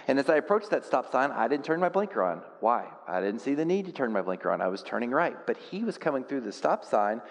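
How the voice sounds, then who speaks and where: Delivering a sermon, this male pastor tells stories that poke fun at himself and shifts between hushed reflection and loud, lively outbursts. His pitch is medium, and the recording has a big-room sound.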